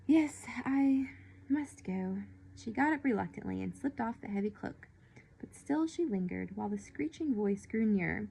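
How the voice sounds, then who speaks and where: A woman reading a novel aloud in an unhurried way, now and then stumbling and correcting herself. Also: mid-range voice, expressive, creaky, darkish tone, a little hiss or hum, rough recording. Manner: unhurried, occasional slips and restarts. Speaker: reader of a children's novel. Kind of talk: read-aloud storytelling.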